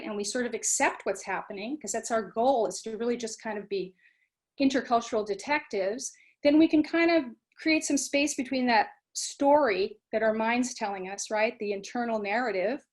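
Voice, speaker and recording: A woman giving a talk on mindfulness, animated, acting out students' inner voices and often asking "right?" and "you know". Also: fairly high pitch, moderate pace. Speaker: guest speaker on mindfulness. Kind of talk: talk to a webinar audience.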